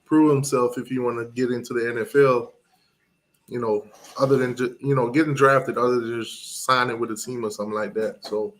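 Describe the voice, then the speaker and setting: A man hosts a relaxed sports talk stream, pondering aloud and filling gaps with "um" as he reads the chat's picks. His pitch is medium, and there is slight background noise.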